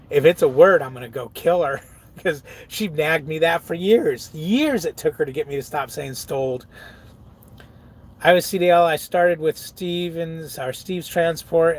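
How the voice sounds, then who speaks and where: A middle-aged trucker with a fairly high voice talks his way through a live stream. He reads viewer comments out loud, laughs easily and wanders off into rambling stories. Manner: chatty, laughs often, reads comments aloud and riffs on them. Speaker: truck driver streaming and reading chat. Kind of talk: casual live stream chat.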